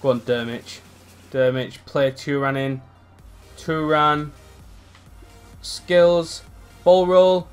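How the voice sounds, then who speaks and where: A young man commentating on his own football video game match, sweary and excitable, swinging from low mutters to loud outbursts. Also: slow, pauses often, faint music behind. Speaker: gaming YouTuber.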